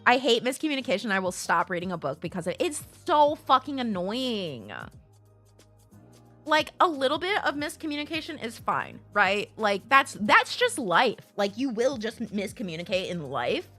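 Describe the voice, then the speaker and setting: A woman streamer talks casually to her viewers through a streaming mic. Her voice is bright and sharp, and her pitch swings widely as she rants bluntly and swears without a filter. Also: moderate pace, faint music behind. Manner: animated and blunt, swears freely. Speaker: live streamer. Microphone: streaming microphone.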